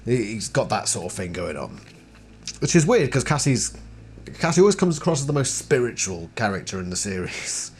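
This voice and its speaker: A man giving a casual book analysis and reading passages aloud, chatty and expressive. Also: mid-range voice, fairly quick, slight background noise. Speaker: book series reviewer.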